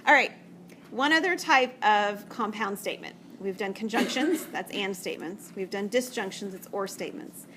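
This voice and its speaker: A woman's voice: medium pitch, moderate pace, noisy background. A woman math teacher lecturing to a class, chatty and checking in often with "okay?". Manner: chatty, explains step by step with frequent "okay?" checks.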